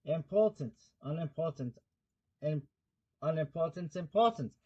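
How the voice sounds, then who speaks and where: A man voicing a fussy, excitable king presiding over a trial, his lines pitched up into emphatic, shrieking outbursts. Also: measured pace, breathy edge, muffled recording. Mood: flustered.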